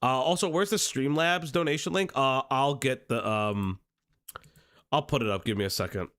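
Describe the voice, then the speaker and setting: A man's voice: mid-range voice, moderate pace, fairly bright tone. A man hosting a commentary stream, telling a story in casual chat, laughing often mid-sentence and swearing a lot. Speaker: stream host.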